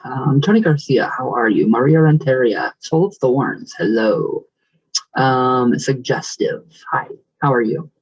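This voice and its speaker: Husky-voiced man chatting, rambling and warm. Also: mid-range voice, animated, a little slow, highs cut off. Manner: rambling and affectionate, many fillers; rolls his R's at times. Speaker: vlogger reading viewer comments. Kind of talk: casual chat.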